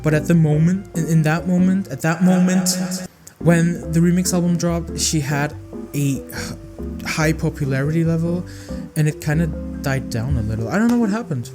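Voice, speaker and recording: A young man chatting casually through a song-by-song music review, rambling and expressive, with music playing behind him. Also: on the high side, normal speed.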